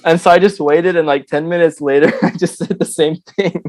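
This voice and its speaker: A man's voice: on the high side, fairly even intonation, a little fast, darkish tone, no echo. A man guest on a podcast in casual chat, giggling through his own stories and full of "like" fillers. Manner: loose talk full of "like" fillers.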